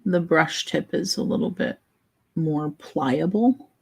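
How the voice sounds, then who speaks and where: Gravelly low-voiced woman chatting. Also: slow pace, low-quality recording. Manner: thinking aloud, meandering, soft-spoken. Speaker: vlogger. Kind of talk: relaxed chat while coloring.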